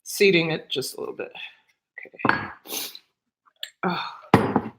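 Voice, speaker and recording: A woman's voice: deep voice, takes it slowly, reverberant, slight background noise, low-quality recording. A woman talking casually to camera in her home kitchen, gushing and emotional as she eats. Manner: gushing and emotional, talks while eating. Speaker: cooking vlogger.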